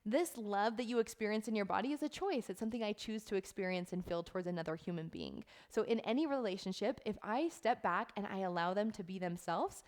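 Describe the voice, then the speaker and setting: Middle-aged woman coach, earnest and heartfelt, unhurried and soft, repeats words for emphasis, speaking to camera. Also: medium pitch. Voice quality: earnest and heartfelt, close to tears at times. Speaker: life coach. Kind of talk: reflective talk to camera.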